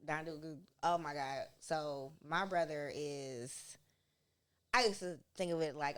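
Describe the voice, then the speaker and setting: A young woman hosting a casual podcast chat with her mother, talking in a lively, storytelling way and laughing often. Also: sits low, measured pace, clear, resonant tone. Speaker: podcast host.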